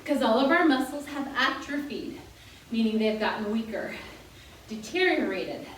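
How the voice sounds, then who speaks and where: High-voiced young woman coaching, big echoey room. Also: expressive, normal speed, recorded from a distance, slight background noise. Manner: chatty, joking, encouraging while exercising. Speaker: fitness instructor. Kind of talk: guided senior workout class.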